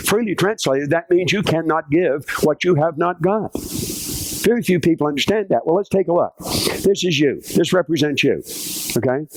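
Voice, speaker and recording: A man's voice: a little high, rough recording. An older man delivering a motivational keynote speech, acting out quoted dialogue in his stories and now and then singing a snatch of a song. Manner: animated storytelling, acts out quoted dialogue, sings snatches of songs. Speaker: motivational speaker. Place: conference stage.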